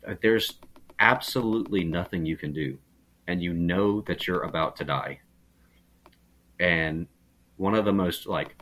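A man's voice: low voice, a bit bright, slight background noise. A man talking in a casual podcast chat, reflective and earnest, often restarting his sentences. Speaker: podcast guest.

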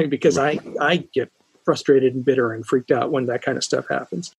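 A psychologist from New York, a man, talking as a guest in a podcast interview and telling an anecdote with lively restarts. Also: medium pitch, fairly quick, gravelly, slightly rough. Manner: animated storyteller, frequent restarts.

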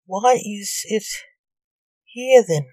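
A bored female ghost haunting a hotel speaks with stiff politeness, as a woman reads her. She takes her time over every word, in a soft, mellow tone. The storybook voice is recorded close and dry. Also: mid-range voice, very slow, no room sound.

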